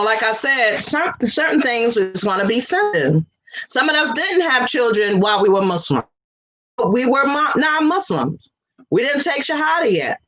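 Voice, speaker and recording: Lively woman on a video call. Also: a little high, low-quality recording. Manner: animated, laughing often, chatty. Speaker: co-host. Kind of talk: casual religious talk show.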